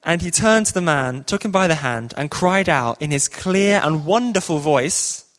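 A man's voice: fairly high pitch, animated, moderate pace, a bit bright. A man telling a comic story and leading a group in a playful, upbeat, ad-libbing way.

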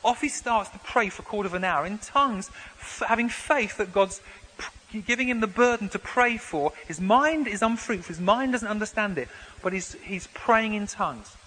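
Male pastor, high bright voice, chatty sermon delivery full of restarts, long church reverb with faint hiss. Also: animated, moderate pace. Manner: conversational preaching with frequent restarts and repeated words. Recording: long hall reverb, faint background noise.

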